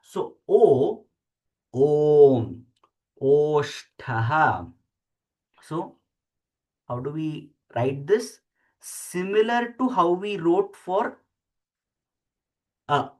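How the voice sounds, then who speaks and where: Slow teacher. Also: mid-range voice, animated. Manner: slow, deliberate, repeats sounds aloud for practice. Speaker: Sanskrit teacher. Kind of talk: explaining script while writing letters.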